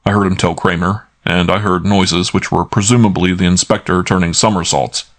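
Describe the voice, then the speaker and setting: Low-voiced male audiobook narrator. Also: steady tone, moderate pace. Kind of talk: first-person audiobook narration.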